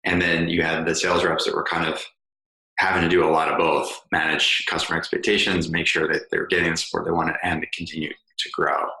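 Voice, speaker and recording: A man's voice: deep voice, little pitch movement, a little fast, vocal fry, bright, forceful tone. A man hosting an interview podcast, talking in a casual, rambling way with lots of fillers. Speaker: podcast host. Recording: roomy echo.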